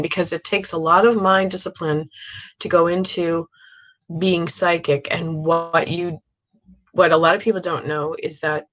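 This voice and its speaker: A woman's voice: fairly low pitch, fairly bright tone. A woman speaking as a psychic medium in a casual monologue, earnest and rambling, with many fillers and restarts, sounding tired. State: tired, low stamina.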